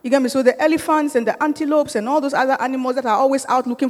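A middle-aged woman with a fairly high voice leads a church group in an informal sermon-style teaching. She talks conversationally, often checking that her listeners follow, and presses her points with growing urgency. Her voice rings out with the long reverb of a large hall. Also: fast talker, hardly any pauses, darkish tone. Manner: grows emphatic and urging.

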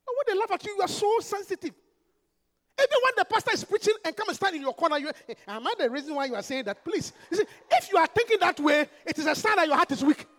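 High-voiced pastor preaching. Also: male voice, fast talker, in a large hall. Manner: emphatic, animated preaching with rhetorical questions. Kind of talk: sermon.

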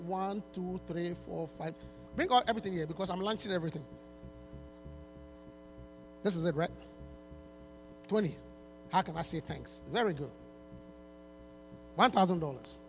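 A man's voice: high voice, normal speed, pauses often, slight background noise. A man preaching in a church service, pleading and repetitive, often restarting his words as he urges people forward to give. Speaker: pastor launching a book.

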